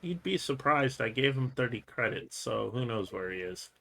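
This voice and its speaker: A man with a mid-range voice speaking in character as a player in a tabletop game. His replies are short and dry, often a flat no or a quick fair enough. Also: mid-range voice, gravelly, a little hiss or hum.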